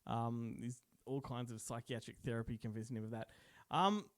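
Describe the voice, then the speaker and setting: A man's voice: medium pitch, moderate pace, dry recording. Guy hosting a movie podcast, laughs a lot, dead dry sound. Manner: laughs often, chatty and enthusiastic. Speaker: podcast host. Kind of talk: casual movie chat.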